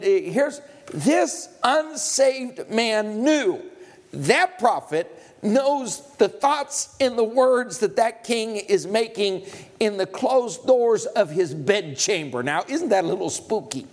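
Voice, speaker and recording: A man's voice: high voice, animated, slow pace. A male preacher delivering a sermon, retelling a scripture story with humor and acting out the dialogue.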